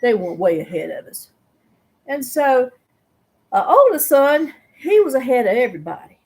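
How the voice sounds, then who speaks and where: Hosting a casual live-stream chat, a middle-aged woman speaks with a drawl in a somewhat high voice at a moderate pace. She's a lively storyteller who acts out the characters, switching into their voices as she goes.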